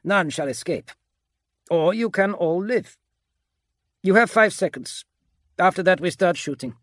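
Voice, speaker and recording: A man voicing a giant armored warrior commander who barks orders in a raised, forceful voice for an audiobook. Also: sits high, lively intonation, a little slow, no echo, pitched above the performer's own voice. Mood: threatening. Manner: barking orders.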